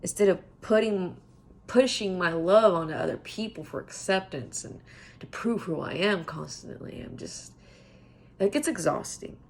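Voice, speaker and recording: A middle-aged woman speaking in a heartfelt motivational monologue, earnest and repeating phrases for emphasis, sometimes dropping to a soft whisper. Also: on the low side, lively intonation, moderate pace, creaky. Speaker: self-help vlogger.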